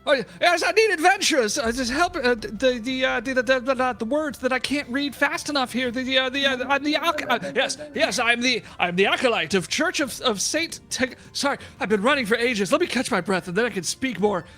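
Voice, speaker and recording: A frantic little dwarf acolyte bursts in, breathless and flustered, voiced by a woman running the game. He shouts for help in a high, swooping voice and stumbles over his words. Faint music plays behind. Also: lively intonation, a little fast, hardly any pauses.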